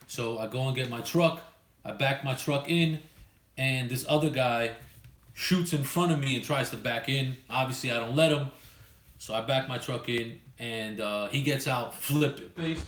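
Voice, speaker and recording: A man's voice: medium pitch, normal speed, fairly bright tone. A man telling a profane, heated work story in casual podcast chat. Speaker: podcast co-host. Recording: roomy, distant mic with faint noise.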